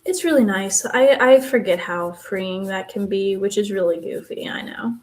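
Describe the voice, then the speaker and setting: A woman's voice: medium pitch, moderate pace, a little mellow. Rambling young West Texan woman. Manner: rambling and chatty, many fillers and asides. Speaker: live streamer, university theater student. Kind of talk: casual chat while coloring on a live stream.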